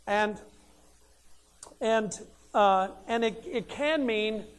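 A man's voice: high-pitched, very slow, clean tone. A man preaching a sermon, emphatic and conversational, who asks questions and answers them himself.

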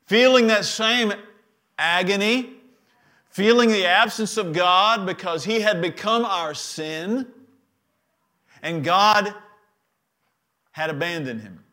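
A man preaching a sermon as pastor, leading the congregation in call-and-response and swinging between loud declarations and quiet, hushed passages. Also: sits high, slow pace, long pauses.

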